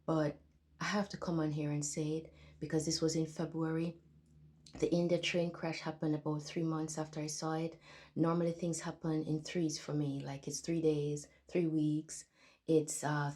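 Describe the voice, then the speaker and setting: A woman's voice: low-pitched, dark tone. A middle-aged woman, a Christian video blogger, telling her dreams as an earnest and dramatic personal testimony.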